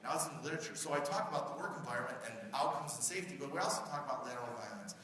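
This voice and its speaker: A middle-aged keynote speaker in a large conference hall talks conversationally and very fast, often quizzing the audience. His medium-pitched voice is expressive and sharp, picked up from far off in an echoey hall with a little hiss or hum.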